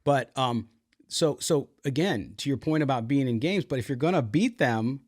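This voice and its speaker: Sports podcast host, male, mid pitch, chatty with asides, dry close sound. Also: lively intonation, normal speed, a little mellow, no room sound. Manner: conversational, full of asides. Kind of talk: casual sports talk.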